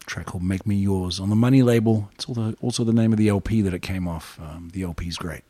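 A man from New Zealand hosting a radio show, chatting in a relaxed, rambling way between records. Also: deep voice, quick pace, no echo.

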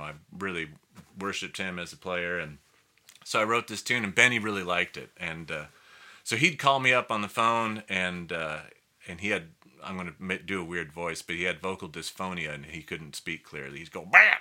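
A middle-aged man, a musician guest, in casual interview talk, telling animated stories and acting out what others said. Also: low-pitched. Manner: animated storyteller who acts out quotes.

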